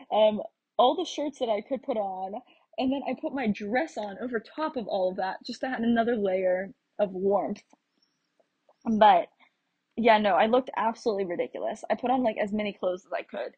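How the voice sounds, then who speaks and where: Young American woman, travel vlogger telling a casual story, slightly husky voice, dry close sound. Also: on the high side, darkish tone, dry recording, highs cut off. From United States. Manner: chatty, rambling with fillers and restarts.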